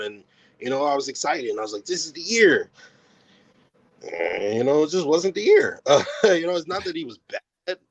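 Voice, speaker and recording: A man talking as a guest on a sports podcast, relaxed and a little hesitant, with frequent restarts. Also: medium pitch, low-quality recording. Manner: relaxed, hesitant, laughs easily. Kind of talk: casual sports talk.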